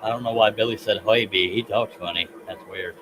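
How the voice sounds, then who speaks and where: A man's voice: fairly low pitch, steady tone, a little fast, noisy background. A man with a Southern US accent hosting a casual live stream, chatty and giggly as he reads comments aloud. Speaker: livestream host.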